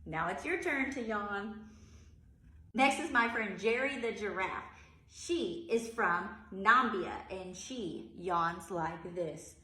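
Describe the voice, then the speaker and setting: An animated preschool teacher, a woman, reading a picture book aloud in a lilting sing-song voice and acting out big, drawn-out yawns. Between pages she gives other teachers practical tips. Her voice rings in a roomy, echoey space. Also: mid-range voice. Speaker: early childhood teacher.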